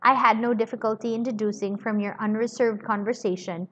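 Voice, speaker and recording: A woman reading aloud as a cool, sardonic Englishman who speaks in measured, quietly cutting sentences, on a slightly muffled lo-fi recording. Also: fairly high pitch, steady tone, natural voice.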